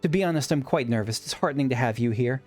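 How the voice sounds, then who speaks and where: A man's voice: mid-range voice, quick pace, darkish tone, faint music behind, lightly acted. A man voicing an earnest sixteen-year-old boy from a video game, an aspiring adventurer who is polite and a little nervous. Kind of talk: reading game dialogue aloud.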